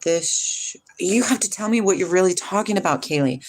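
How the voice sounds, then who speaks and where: A woman hosting a livestream, reading viewer comments aloud and answering them in a blunt, animated way, swearing freely. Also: medium pitch, moderate pace, few pauses. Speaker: livestream host. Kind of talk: casual chat reading live comments.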